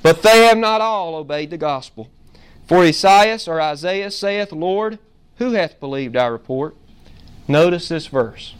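Male pastor, high and smooth-toned, sermon with call-and-response questions and scripture readings. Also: lively intonation, a little slow. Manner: asks the congregation questions and answers them himself; frequent "Amen?" to the congregation.

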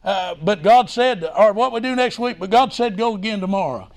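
Speaking at normal speed in a high-pitched voice, this man preaches a revival sermon as a missionary. He fervently shouts glory and hallelujah, breaking in with "hey, listen" and sudden outbursts.

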